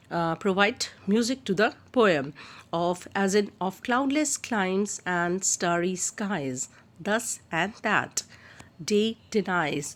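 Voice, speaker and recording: A woman giving a recorded literature lecture on a poem, explaining step by step and repeating key terms with occasional "uh" fillers. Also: medium pitch.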